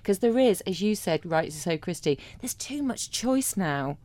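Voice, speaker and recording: A woman's voice: on the low side, animated, a little slow, warm tone. A woman, co-hosting a radio chat show with emphatic, teasing banter. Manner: emphatic, teasing, repeats herself. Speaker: radio co-presenter. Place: radio studio.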